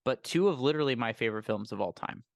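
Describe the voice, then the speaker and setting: A man hosting a casual movie chat, animated and emphatic, quick to laugh. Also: medium pitch, vocal fry, no room sound, clean studio sound. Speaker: podcast host.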